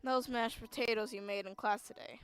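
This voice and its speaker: A woman's voice: a little high, steady tone, fairly quick, fairly bright tone, clean tone, soft background music. A woman voicing an earnest, sentimental old male chef in a video game, in a near-plain reading voice.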